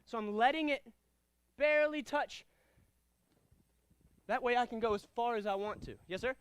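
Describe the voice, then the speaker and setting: High-voiced energetic karate instructor man. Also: normal speed, smooth, dry recording. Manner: energetic, commanding, calls out drills and counts. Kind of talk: martial arts class instruction.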